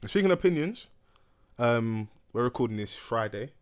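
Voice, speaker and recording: A man's voice: medium pitch, lively intonation, moderate pace, smooth. A young man hosting a casual podcast, laid-back and full of banter, swearing freely. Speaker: podcast host.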